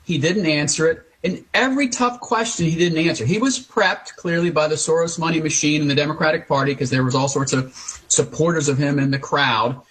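A male legal analyst speaking as a guest on talk radio. His voice sits a little high and sounds husky, and he delivers blunt, combative commentary. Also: fairly quick, a bit bright, low-quality recording.

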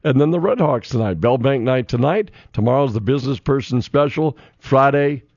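A man's voice: medium pitch, moderate pace, a little mellow, breathy edge, no echo. A man, a sports reporter chatting casually on air, laughing often and rambling through restarts. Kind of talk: casual radio sports chat. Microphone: studio microphone. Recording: slightly dull, dry radio studio sound.

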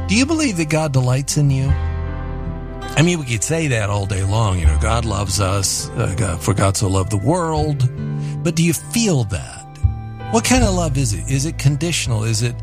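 Male devotional radio host, earnest and reflective, music clearly underneath. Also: mid-range voice, very animated, moderate pace. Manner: reflective, earnest, quotes scripture.

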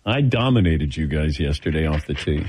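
A man hosting a talk show, telling stories in a casual, animated way and acting out the dialogue. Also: very deep voice, normal speed. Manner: animated storyteller, acts out dialogue with laughs. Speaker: radio show host.

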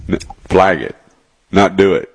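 Husky low-voiced male radio host. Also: unhurried. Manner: rambling, folksy, repeats words. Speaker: radio car show host. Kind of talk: casual radio talk, storytelling.

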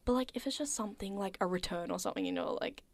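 A young woman chatting casually and asking questions, filling her talk with "like" and trailing off softly at times. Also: mid-range voice, wildly swooping pitch, very fast, no echo. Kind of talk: casual chat.

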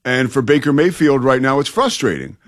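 A man's voice: medium pitch, big pitch swings, brisk, fairly bright tone. A man co-hosting a sports talk radio show, giving firm, emphatic opinions into a studio mic.

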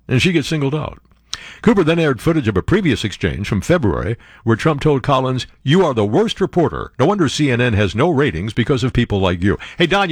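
A man hosting a show, reading news stories aloud and breaking off into sarcastic, wisecracking asides and animated outbursts. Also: medium pitch, dry recording, studio quality. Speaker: show host. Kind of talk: reading news with running commentary.

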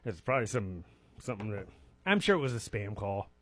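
A man's voice: on the low side, big pitch swings, brisk, a bit bright. A man in his forties hosting a live radio show, rambling casually through a list of daily observances with self-mocking jokes. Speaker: radio host. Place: radio studio.

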